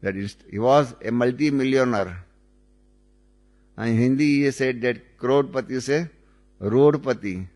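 A man's voice: medium pitch, unhurried, long pauses, a little mellow. A man with an Indian English accent telling a spiritual story in an earnest way, repeating his phrases. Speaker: spiritual speaker.

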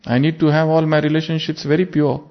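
Earnest man, gravelly sermon voice. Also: on the high side, flat delivery, fast. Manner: earnest, reflective, poses rhetorical questions. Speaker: spiritual teacher. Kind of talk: sermon with parable. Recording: muffled lo-fi recording.

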